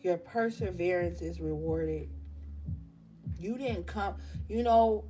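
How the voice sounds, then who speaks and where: A woman's voice: lowish voice, slow pace, warm tone, faint music behind. A woman hosting a live tarot reading stream, speaking with passion and emotion and swearing bluntly as she encourages her viewers.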